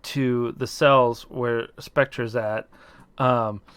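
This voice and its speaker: A male game master narrating a tabletop role-playing game. He speaks slowly in a middle pitch, pausing often and restarting his sentences as he thinks. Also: fairly even intonation, fairly bright tone, clean tone, no echo. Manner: hesitant, full of "um"s and restarts.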